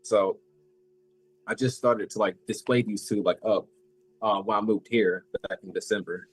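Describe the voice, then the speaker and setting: An eighteen-year-old man chatting casually as a collector guest, halting and filling every pause with "like". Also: fairly low pitch, fairly even intonation, slightly rough, no echo, poor audio. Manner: halting, fills with "like" a lot. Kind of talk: casual chat.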